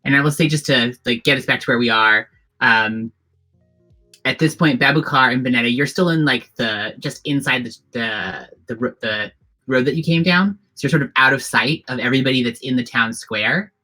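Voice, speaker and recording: A tabletop game master narrating the scene in a loose, rambling way, circling back and restarting as the scene unfolds. The voice is bright and forward. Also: mid-range voice, moderate pace, rough recording. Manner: rambling, heavy with fillers and restarts.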